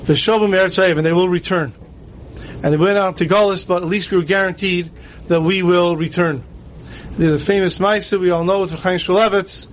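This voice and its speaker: Man, high voice, sermon storyteller, faint traffic hum behind. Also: steady tone, brisk, rough recording. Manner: storytelling, acting out quoted lines with rising emotion. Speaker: rabbi giving a talk.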